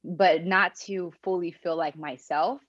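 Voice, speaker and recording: A woman's voice: on the low side, steady tone, unhurried. Laughing young woman, lo-fi podcast guest. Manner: reflective, laughs often. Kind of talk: casual interview talk.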